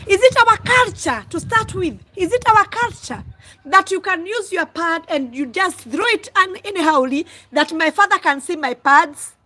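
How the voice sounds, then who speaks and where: A Kenyan woman hosting a casual live stream, talking loudly and exclaiming as she answers her viewers. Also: very high voice, expressive, moderate pace, poor audio. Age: adult, mother of school-age children. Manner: loud, exclaiming, calls herself a screamer.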